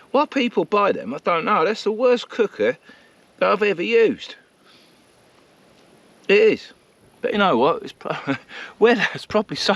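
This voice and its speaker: Jokey bloke vlogging from a camp, bouncy and animated, a little high. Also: male voice, a little hiss or hum. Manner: chatty and self-mocking, laughs often. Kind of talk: casual vlog chat to camera. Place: outdoors at a countryside campsite.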